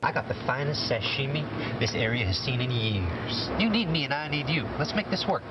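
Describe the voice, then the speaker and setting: An actor in a commercial playing a slick, shady street hustler selling sushi with smooth sales patter. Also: male voice, medium pitch, lively intonation, brisk, lightly acted. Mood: hustling. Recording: lo-fi with loud traffic outdoors.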